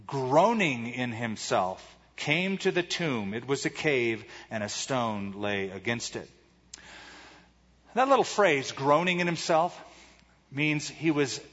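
Male pastor, husky, slow and deliberate, dramatic sermon style, muffled hall sound. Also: mid-range voice, a bit bright. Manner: dramatic, rhetorical questions, acts out quoted voices.

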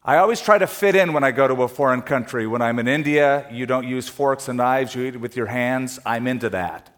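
A man's voice: mid-range voice, brisk. A middle-aged man from California preaching a sermon, telling a travel story with laughter before turning to scripture. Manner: animated storyteller, laughing through anecdotes.

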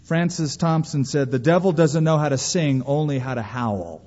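A man preaching a sermon as pastor, emphatic and animated, acting out quoted lines. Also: normal speed. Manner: emphatic preaching, voices quotes with raised pitch. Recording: dull sound in a long-reverb hall.

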